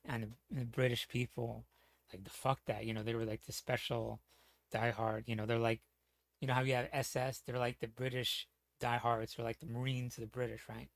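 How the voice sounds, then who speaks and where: A man's voice: medium pitch, level tone, a little fast, creaky, dry recording. A man talking casually as a streamer, rambling with lots of fillers, restarts and casual swearing.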